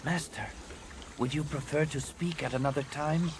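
A man's voice: a little high, steady tone, normal speed, background noise, voice pushed up, close to an everyday voice. A man voicing an earnest, cautious young alien woman apprentice, careful and deferential, in an audiobook reading.

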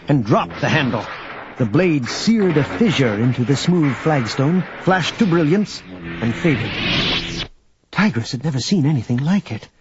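A man giving a measured scripted narration of a novel. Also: medium pitch, muffled recording, noisy background. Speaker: audiobook narrator.

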